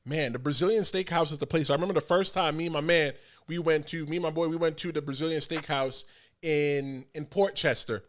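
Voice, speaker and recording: A man with a fairly high voice hosts a casual chat podcast. He is an animated storyteller who acts out the voices of the people in his stories. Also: brisk. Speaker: podcast host.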